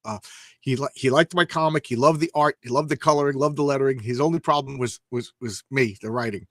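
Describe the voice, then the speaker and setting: A man's voice: mid-range voice, fast, fairly bright tone, no room sound, studio quality. A man hosting a casual comic book reading show, talking with enthusiasm, rambling and often stumbling over his words. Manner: enthusiastic, rambling, stammering restarts.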